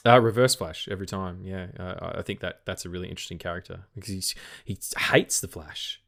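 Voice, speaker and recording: A man's voice: deep voice, fast talker, creaky, fairly bright tone. A tired man with an Australian accent, co-hosting a casual film podcast, rambling and swearing offhandedly. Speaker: podcast co-host.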